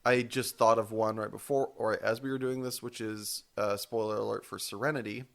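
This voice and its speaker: A podcast co-host chats casually, rambling and correcting himself along the way, with the occasional casual swear. His lowish voice is steady in tone and fairly quick, with some vocal fry.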